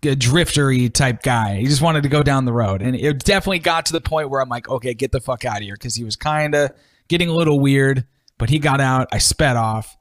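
A man's voice: medium pitch, a little fast. A man co-hosting a radio show, chatting casually in a laid-back, teasing way and trailing off mid-sentence. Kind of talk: casual chat.

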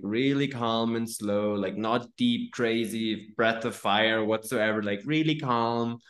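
A man hosting a podcast, talking casually with lots of swearing and fillers. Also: lowish voice. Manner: swears freely, many fillers and restarts. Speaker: podcast host. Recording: roomy echo.

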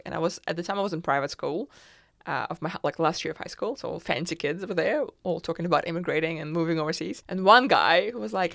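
A young woman from Kazakhstan telling her story in a casual interview, chatty, with lots of fillers and lively quoted voices. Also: fairly low pitch, quick pace, creaky, hardly any pauses, no room sound, studio quality. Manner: chatty storyteller, many fillers, laughs often, animated quoting. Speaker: interview guest.

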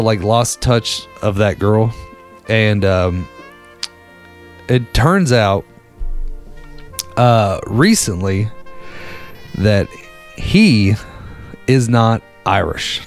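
Laid-back man telling a rambling story. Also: on the low side. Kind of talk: casual storytelling.

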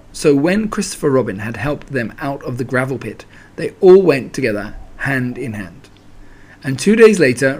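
A man reading a children's story aloud in a gentle, expressive way. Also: mid-range voice, breathy edge.

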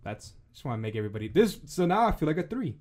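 A man's voice: fairly high pitch, big pitch swings, quick pace, a little mellow. A young man co-hosting a casual podcast, telling a long story in a rambling, profane, slang-heavy way. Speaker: podcast co-host.

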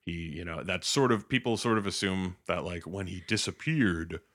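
A man's voice: low-pitched, normal speed, a bit bright. A young man casually recapping a film, swearing and acting out the characters' lines in funny voices. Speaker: podcast host recapping a film. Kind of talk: casual chat.

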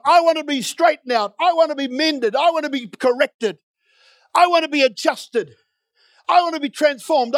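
A man's voice: extremely high pitch, no room sound. A man preaching a sermon in a church, reading scripture and building to emphatic, repeated declarations.

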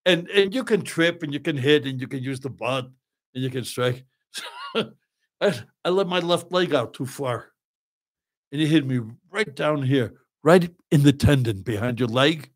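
A man in his seventies, a podcast guest, telling lively stories with lots of laughing and swearing. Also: medium pitch, normal speed. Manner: animated, laughs often, swears freely. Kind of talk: casual storytelling.

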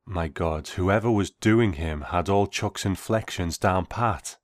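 A man reading a first-person story aloud in a measured, reflective way. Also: low voice, no echo, clean studio sound.

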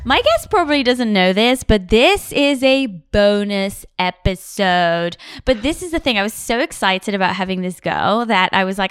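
Woman from Europe, podcast host, casual chat, bubbly and profane, smooth clear voice, dry close mic. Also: mid-range voice, expressive, unhurried, a bit bright, dry recording. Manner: bubbly, swears often, gushing. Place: Los Angeles.

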